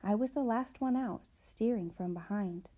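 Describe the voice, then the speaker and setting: A woman's voice: mid-range voice, moderate pace, dark tone, close to an everyday voice. A woman reading the part of a man dramatically telling a ghost story of his own escape. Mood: dramatic. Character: boastful male storyteller recounting his scare.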